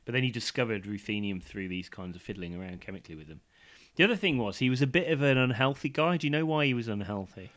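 Bright, lively man chatting science. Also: mid-range voice, fast talker, hardly any pauses. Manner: rambling storyteller with many ums. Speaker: podcast co-host. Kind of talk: casual science chat.

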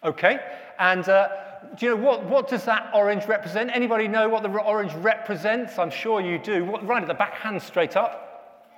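Chatty male pastor quizzing children; high voice, reverberant church. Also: normal speed, a bit bright. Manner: chatty, asks children questions, many restarts. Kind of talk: family service talk.

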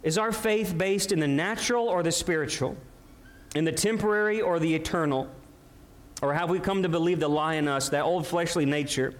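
A male pastor preaching a sermon in a church sanctuary, telling a scripture story with animated delivery and asking the congregation rhetorical questions. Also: fairly high pitch.

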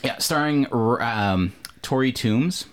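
A man's voice: medium pitch, takes it slowly, clear, resonant tone. A Canadian man hosting a podcast, chatting casually about a film with lots of fillers and self-corrections. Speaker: podcast host. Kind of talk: casual movie discussion.

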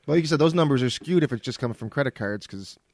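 A man guesting on a podcast, chiming in with quick replies in casual chat. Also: medium pitch, animated, a little mellow, no room sound, clean studio sound.

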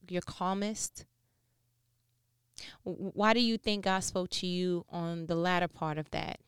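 A woman delivers an inspirational faith talk in a smooth, fairly low voice. She preaches with animated energy, racing through some phrases and then slowing almost to a hush for emphasis. The sound is close and dry. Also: no echo. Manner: animated preaching, swings between rapid bursts and slow, hushed emphasis. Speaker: faith speaker.

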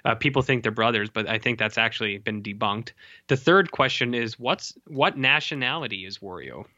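A man's voice: mid-range voice, normal speed, bright, forceful tone, no room sound. A man co-hosting a casual chat, rambling and joking with many fillers. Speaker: podcast co-host. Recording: dull lo-fi dry recording.

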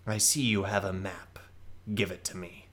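A man voicing a stern, wary goblin elder who speaks gravely and slowly. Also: sits low, fairly even intonation, a bit bright. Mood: cold. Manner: grave, slow and threatening.

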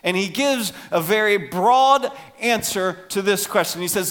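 A middle-aged man preaching a sermon as pastor, animated, acting out voices for emphasis. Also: sits high, a little slow.

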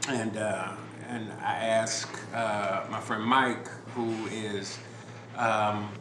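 A man hosting a podcast, telling a story in a relaxed, rambling way with lots of fillers and restarts. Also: on the low side, extremely slow. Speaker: podcast host. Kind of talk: casual storytelling chat. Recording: roomy with background noise.

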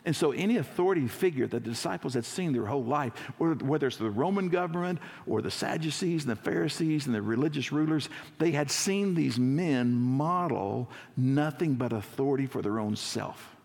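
A man, a lead pastor, preaching a conversational sermon in a church, acting out scenes and slowing down for emphasis. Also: medium pitch, expressive, vocal fry, a little mellow, in a large hall.

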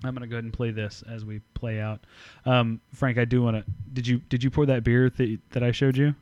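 Blunt, profane podcast host. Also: male voice, medium pitch, flat delivery, fairly quick, a little mellow, dry recording, highs cut off. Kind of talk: casual profane podcast chat.

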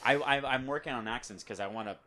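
Podcast co-host, male, mid-pitched, easygoing banter with playful impressions. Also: fast talker, a little hiss or hum. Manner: animated storyteller, slips into impressions and accents. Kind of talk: casual podcast chat.

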